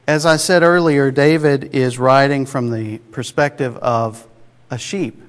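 Conversational preacher in a reverberant hall. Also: male voice, medium pitch, steady tone, a little slow. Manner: conversational, emphatic, rhetorical asides. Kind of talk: sermon.

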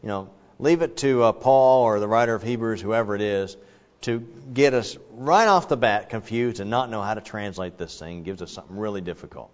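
A man's voice: fairly low pitch, a little fast. A man giving a sermon, explaining scripture in a conversational way with frequent restarts. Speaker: pastor. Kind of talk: sermon with Bible teaching. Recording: dull sound, long hall reverb.

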